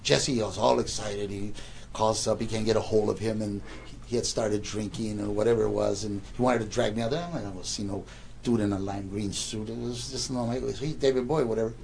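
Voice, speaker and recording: A man's voice: fairly low pitch, steady tone, a little fast, gravelly, darkish tone, a little hiss or hum. A man in his sixties casually telling a rambling anecdote, stammering and repeating words as he goes.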